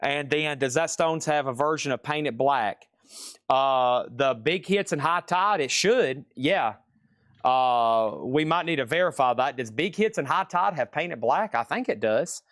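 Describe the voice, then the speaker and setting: With an animated, mid-range voice that's a bit bright, a man runs a live online vinyl auction, listing items and prices briskly and tossing casual, chatty remarks to viewers. It's studio quality, with no room sound.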